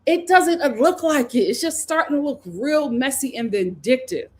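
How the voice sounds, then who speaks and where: A woman's voice: high voice, expressive, moderate pace. A woman hosting a casual reality TV recap, chatty and opinionated, often laughing and full of "like" and "you know". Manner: laughs often while talking. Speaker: host.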